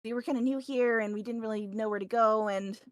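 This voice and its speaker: Flustered, polite young rabbit woman for a tabletop game, voiced by a woman, higher-pitched, stammers. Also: steady tone, brisk, no room sound, studio quality, natural voice. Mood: worried. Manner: nervous, stammering, apologetic.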